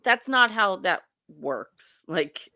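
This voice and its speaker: Bright, lively young woman as a stream co-host; chatty and profane, recorded dry and close. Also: mid-range voice, slow, no room sound. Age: young adult. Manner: animated, profane, laughing asides to viewers. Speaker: livestream co-host. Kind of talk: casual commentary chat.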